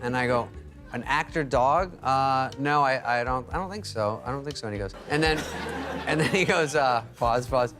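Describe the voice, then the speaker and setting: A comedian guest, a man telling a deadpan, halting anecdote on a talk show. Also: medium pitch, music in the background, crowd noise. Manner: deadpan, halting storytelling with quoted dialogue.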